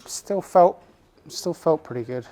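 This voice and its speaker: A man's voice: on the high side, animated, measured pace, mellow. A British man, a golf vlogger being fitted for a driver, reacting briefly and self-deprecatingly to his shots. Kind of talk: casual reactions. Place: indoor golf fitting studio.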